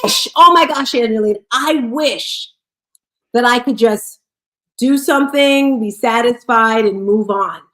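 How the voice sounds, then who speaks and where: A woman's voice: fairly high pitch, a little slow, fairly bright tone. A woman co-hosting a casual live stream, talking with passion and emotion and often repeating herself. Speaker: co-host. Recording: echoey room.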